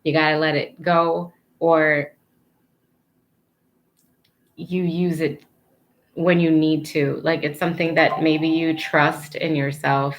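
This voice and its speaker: Lady doing a chill card reading, kinda low voice, rambly and encouraging. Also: flat delivery, slow, long pauses. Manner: rambling, loses her thread, lots of fillers; encouraging, earnest. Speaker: tarot card reader. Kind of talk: casual spiritual guidance reading.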